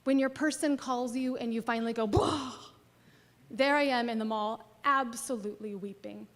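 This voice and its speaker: Woman pastor, somewhat high voice, expressive sermon storyteller who goes from lively to hushed, long church reverb. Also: fairly quick. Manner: expressive, swings from lively to soft near-whisper. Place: church sanctuary.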